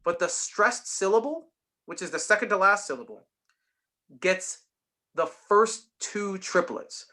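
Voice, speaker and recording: A man's voice: high voice, unhurried, bright, forceful tone. A man teaching a voice lesson, patiently explaining and demonstrating lines by speaking and singing them.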